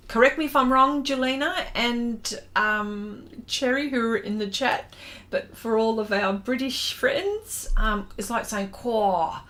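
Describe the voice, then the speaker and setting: An Australian woman hosting a drawing livestream, chatting casually, reading viewer comments aloud and laughing often. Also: medium pitch. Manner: slow, unhurried and thinking aloud while drawing.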